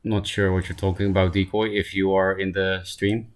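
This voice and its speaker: A man streaming a card game, thinking aloud and mocking himself, hoarse from laughing and often clearing his throat. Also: deep voice, level tone, moderate pace. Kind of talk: casual gameplay commentary.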